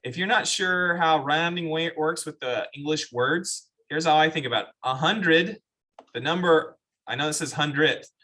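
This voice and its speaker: A man's voice: a little high, normal speed, sharp tone. A man teaching a math class, explaining step by step and asking the students questions. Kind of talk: classroom lecture.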